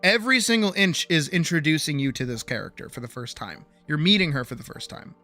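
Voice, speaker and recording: A woman's voice: low-pitched, animated, fast talker, a bit bright, soft background music. A woman streaming live, chatting animatedly about character writing, swearing freely and checking in with "right?". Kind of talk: casual livestream chat about character writing.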